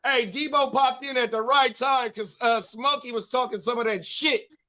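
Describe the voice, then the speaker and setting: A man chatting during a football watch party, excitable, with lots of trash talk and swearing. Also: very high-pitched, moderate pace. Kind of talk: casual chat.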